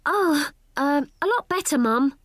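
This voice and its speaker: A woman's voice: sits high, expressive, a little slow, fairly bright tone, no room sound, clean studio sound. A woman voicing a young boy with a sore throat in a children's cartoon, speaking in a hesitant, sheepish way. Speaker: son character.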